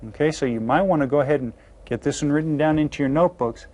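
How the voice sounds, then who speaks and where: A man teaching a beginner language lesson to children, slowly and patiently sounding out each word. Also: fairly high pitch, a little mellow. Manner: slow, patient, carefully sounds out words. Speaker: Spanish teacher. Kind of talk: classroom video lesson.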